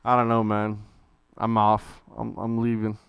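A man's voice: fairly low pitch, monotone, unhurried, creaky, clean tone, muffled recording. A man co-hosting a podcast, teasing the others with laid-back profanity in casual banter. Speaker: podcast co-host.

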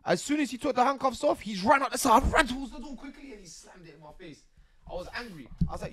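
A young man, telling his own stories as a podcast guest in a lively, slang-filled way and acting out scenes as he goes. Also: very high voice, quick pace. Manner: animated, slang-heavy, acts out scenes. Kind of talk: casual storytelling interview.

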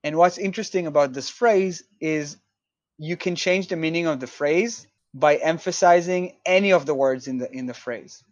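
A man's voice: a little high, moderate pace, no room sound, lo-fi sound. A man from Israel, a composer guest in a casual interview, explaining his work thoughtfully with many fillers and restarts.

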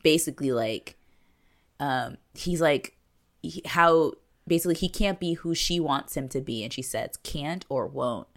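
A woman with a notably low, deep voice chats casually on a podcast. She is a young adult and talks in an animated way, slipping into quick impressions of characters as she recaps. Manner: animated, acts out quotes from the show. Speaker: podcast co-host.

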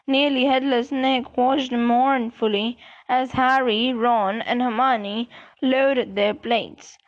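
A woman narrating a children's novel as an audiobook reader, reading slowly and evenly. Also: on the high side, fairly even intonation. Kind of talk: storybook narration. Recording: dull lo-fi recording.

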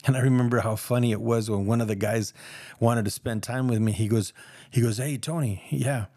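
A man's voice: on the low side, fairly even intonation, fairly quick, warm tone, no echo, clean studio sound. A man sharing his personal testimony in a casual, earnest, rambling way, acting out the voices of people he quotes.

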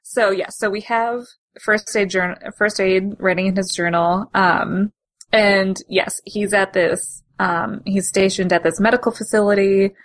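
A chatty woman co-hosting a podcast, middle-pitched and easygoing. She laughs often and keeps circling back and restarting her sentences as she explains things. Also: fairly even intonation, a little slow. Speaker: podcast co-host. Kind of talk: casual chat about comics.

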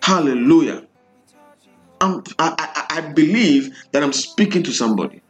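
A man's voice: fairly high pitch, expressive, moderate pace, muffled recording, faint music behind. A man preaching a sermon, building repeated refrains with rhythmic emphasis.

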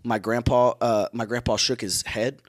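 A man's voice: medium pitch, fairly even intonation, moderate pace, no echo, clean studio sound. A man from Cajun Louisiana with a Cajun accent, co-hosting a podcast in brash, profane, teasing banter, a little tipsy. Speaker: podcast co-host.

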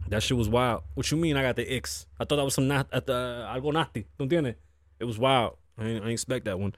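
A man's voice: medium pitch, quick pace, no echo, studio quality. A man in his thirties, raised Puerto Rican, hosting a casual podcast in a loose, profane, chatty way with Spanish asides. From Puerto Rico. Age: 30s. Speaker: podcast host. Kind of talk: casual chat.

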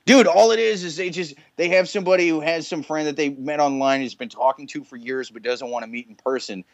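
A man's voice: a little high, brisk, dry recording. A man co-hosting a comedy podcast in casual chat, rambling and ranting with plenty of swearing. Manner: rambling, profane, animated ranting. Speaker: podcast co-host. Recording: dull, muffled audio.

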